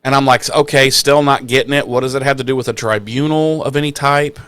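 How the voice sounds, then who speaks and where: A man's voice: medium pitch, fairly even intonation, fairly quick, fairly bright tone, smooth, no echo. A man co-hosting a podcast, recapping an episode in casual, profane, joking chat and acting out lines in silly voices. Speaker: podcast co-host.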